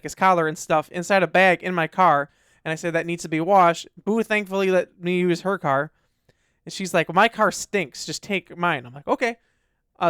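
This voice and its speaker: Fast-talking man telling a story. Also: high voice, smooth, no echo, clean studio sound. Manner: animated storyteller, acts out his dog's lines. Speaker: podcast co-host. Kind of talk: casual chat.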